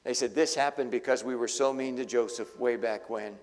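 A man preaching a sermon, retelling a story with lively acted-out voices. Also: mid-range voice, a little fast. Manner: animated storytelling, acting out voices. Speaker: pastor. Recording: long hall reverb.

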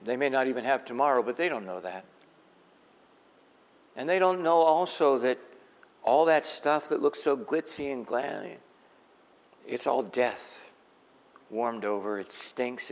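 A man preaching a sermon in a conversational, folksy way, asking the congregation questions. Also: mid-range voice. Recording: long echo of a large hall.

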